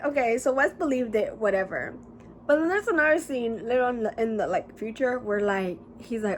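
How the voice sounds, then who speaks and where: A woman talking casually as a book reviewer, rambling and animated, with lots of fillers and casual swearing. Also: a little high, fairly quick, a little hiss or hum. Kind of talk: casual chat.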